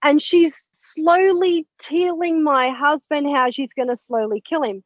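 At a measured pace, a woman with a high voice relates her story as an author and mentor in an interview. She's animated and blunt, voicing the characters' dialogue and swearing mildly. The lo-fi audio is dull, dry and echo-free.

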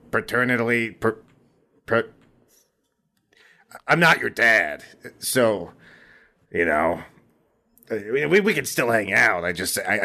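A man's voice: on the low side, creaky, sharp tone. A man playing his character in a tabletop game, talking casually and stumbling over his words. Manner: stammering, casual, sheepish. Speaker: player. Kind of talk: in-character tabletop role-play.

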